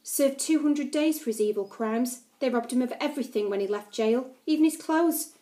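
A spiteful young barmaid girl who snarls and snaps her words with scorn, as a woman reads her part. She sounds close to the reader's own voice, a storybook character with a sharp tongue. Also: high voice, moderate pace, natural voice. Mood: scornful. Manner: snappy, scornful.

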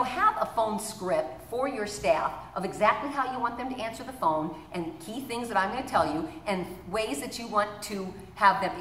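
A middle-aged woman coaching gym owners on answering the phone, perky and animated, acting out sample greetings. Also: medium pitch, a little hiss or hum. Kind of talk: instructional talk to camera. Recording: echoey room, mic at a distance.

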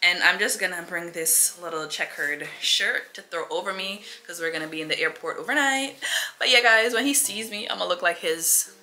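A woman's voice: lowish voice, fairly quick, bright, forceful tone. Chatty woman vlogging on the go. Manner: chatty, addresses viewers as y'all, laughs often. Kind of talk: casual vlog chat. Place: car and home, on the go.

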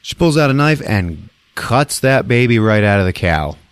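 A man hosting a podcast, retelling a movie in a jokey, laughing, animated way. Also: on the low side, moderate pace, no room sound. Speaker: podcast host. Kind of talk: casual movie recap.

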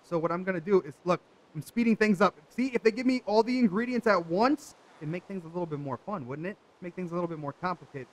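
A man's voice: sits high, fast talker, low-quality recording. A young man hosting a gaming video, chatting casually to viewers with jokey asides as he plays. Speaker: gaming channel host. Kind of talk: casual let's play commentary.

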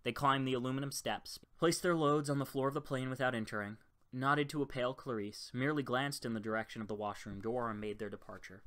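A man reading a short-story audiobook in an even, low-key narration. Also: fast talker. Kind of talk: scripted narration.

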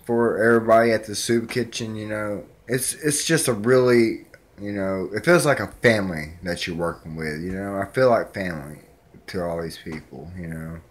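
A man's voice: lowish voice, moderate pace. A man speaking in a casual, rambling vlog message, sincere and full of fillers. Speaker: vlogger.

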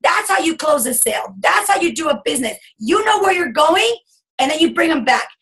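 High, gravelly-voiced woman coaching sales. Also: a little fast, rough recording. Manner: animated, acts out bubbly customer chatter in a squealing voice. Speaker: guest speaker coaching a sales team. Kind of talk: energetic coaching talk on a video call.

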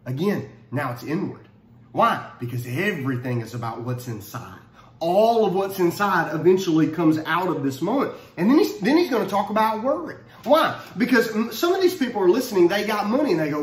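A man giving a casual Bible study talk, conversational and animated, often restarting his phrases. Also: high-pitched, a little fast. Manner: conversational, repeats words when restarting, animated. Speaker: Bible teacher. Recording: roomy echo.

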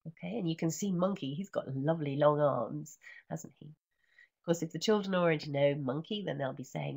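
A woman teacher trainer reading a picture book aloud and explaining it, with animated, sing-song chanting of the refrain, over a computer microphone. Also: sits low, normal speed, vocal fry, slightly rough. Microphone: computer microphone in an online session.

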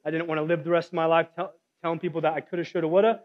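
Young man, guest speaker, high-pitched voice, earnest storytelling, long church hall reverb, dull sound. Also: flat delivery, very fast. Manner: earnest storytelling, frequent "like" fillers. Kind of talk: sermon testimony.

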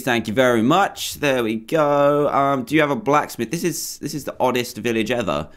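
Excitable young man narrating gameplay. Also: medium pitch, normal speed, few pauses. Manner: chatty, excitable, rambling with ums and self-corrections. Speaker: gaming video host. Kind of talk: casual gameplay commentary.

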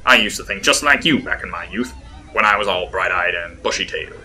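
A man's voice: low-pitched, fairly quick, sharp tone, slight background noise. A man doing a wry, sarcastic cigar-chewing storyteller. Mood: storytelling. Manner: dry, teasing, drawling.

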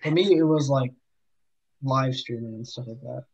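A teenage boy on a student podcast with a husky voice and an easygoing manner, tossing out questions to move the chat along. His mic sounds dull and lo-fi, and his pitch sits in the middle. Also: moderate pace. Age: teens. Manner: relaxed, asks questions to move the talk on. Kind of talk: casual chat.

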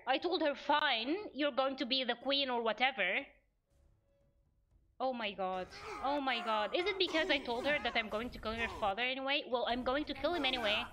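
A woman's voice: high-pitched, pushed and bright. A young woman streaming a video game live, venting her exasperation at the characters as she plays. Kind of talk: live gameplay commentary.

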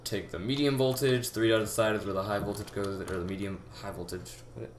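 A young man giving a rambling, halting game tutorial, full of fillers and restarts, talking as if out of breath. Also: lowish voice, steady tone. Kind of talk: casual gameplay tutorial. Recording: echoey room with loud background noise. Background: keyboard typing and mouse clicks.

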